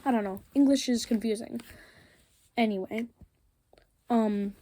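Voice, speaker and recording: Chatty teen girl ranting, mellow voice. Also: on the high side, unhurried. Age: teens. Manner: chatty, rambling, frequent ums and likes. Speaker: vlogger. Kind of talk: casual rant while crafting.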